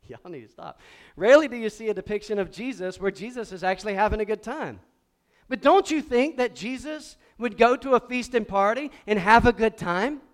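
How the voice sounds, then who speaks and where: A pastor preaching a lively sermon to a congregation and calling on them to repeat words back. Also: male voice, high voice, moderate pace. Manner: animated preaching with call-and-response to the congregation. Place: church sanctuary before a congregation.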